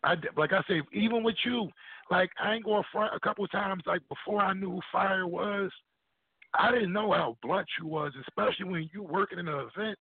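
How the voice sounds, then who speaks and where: A blunt, profane man chatting as a radio guest, acting out what people said. His voice is gravelly and husky. It comes through a dry, thin phone line. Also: high voice, brisk, no room sound. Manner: blunt, profane, acts out quotes. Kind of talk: casual radio chat.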